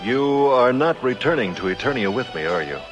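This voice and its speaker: Actor for a reassuring warrior prince hero, 1980s cartoon, expressive delivery. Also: male voice, medium pitch, moderate pace, dull audio, music in the background, lightly acted. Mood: gentle farewell. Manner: steady, reassuring. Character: heroic muscular male warrior prince, steadfast. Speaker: animated film character. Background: film score.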